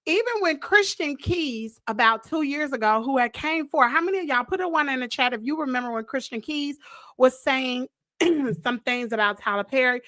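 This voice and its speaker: Woman hosting a live stream, high and bright, chatty and emphatic, calls the viewers girl. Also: animated, dry recording, clean studio sound. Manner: chatty, addresses viewers directly and calls them girl and y'all; drawn-out exclamations and emphatic repeats. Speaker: host of a live gossip stream. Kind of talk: casual live-stream chat.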